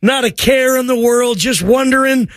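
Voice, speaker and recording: A man with a strikingly high voice hosts a sports call-in radio show, talking loosely and calling his callers bro. The studio sound is dead dry, with no room at all. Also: normal speed, a bit bright, dry recording. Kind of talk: casual call-in radio chat.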